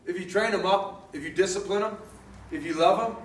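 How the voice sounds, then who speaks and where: A man preaching a sermon in a relaxed, storytelling way, laughing often and restarting his sentences. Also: sits high, brisk, reverberant, far from the mic, a little hiss or hum. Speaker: pastor.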